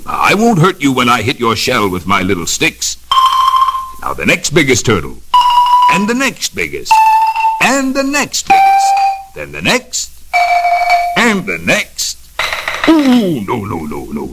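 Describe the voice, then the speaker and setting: A man voicing a lonesome, gentle male octopus in a children's storybook record, speaking slowly and mournfully with sighs. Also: medium pitch, very noisy. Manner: slow, sighing and mournful. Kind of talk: storybook character voice.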